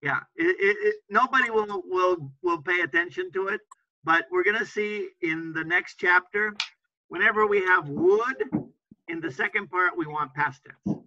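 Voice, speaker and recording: A man's voice: high-pitched, normal speed, bright, forceful tone, no echo, lo-fi sound. A man teaching an English class to students, patiently repeating example phrases and often checking understanding with "right?".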